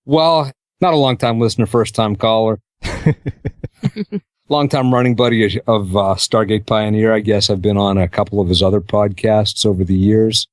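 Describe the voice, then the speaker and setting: A middle-aged man from Pittsburgh, a podcast guest chatting casually with wry, deadpan humor. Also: on the low side, normal speed, no echo, clean studio sound.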